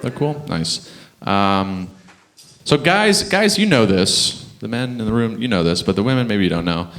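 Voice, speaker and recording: Young Canadian stand-up, lowish voice with a lot of bounce, chatty delivery, laughs at his own jokes. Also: moderate pace. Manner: chatty, animated, chuckling through his punchlines. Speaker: stand-up comedian. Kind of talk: stand-up comedy set. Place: comedy club stage.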